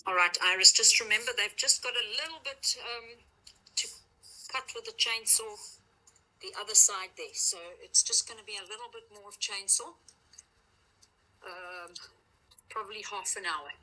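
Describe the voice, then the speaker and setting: Bright-voiced woman speaking from across the room. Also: medium pitch, normal speed, pauses often, rough recording. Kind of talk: casual chat.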